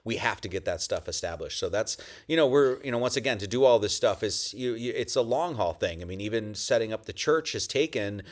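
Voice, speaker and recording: A man's voice: fairly low pitch, animated, brisk, hardly any pauses. Rambling, joking man preaching casually. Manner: rambling, profane and joking, with many restarts. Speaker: pastor. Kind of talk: casual sermon. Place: at home with dogs nearby.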